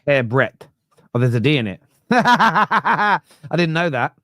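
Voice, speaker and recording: A Cockney man from the East End of London hosting a live football watchalong. His voice sits a little high for a man, and the sound is close and dry. He chats with a self-mocking humour and bursts into shouted excitement when a chance goes close. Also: takes it slowly, dry recording. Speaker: watchalong host.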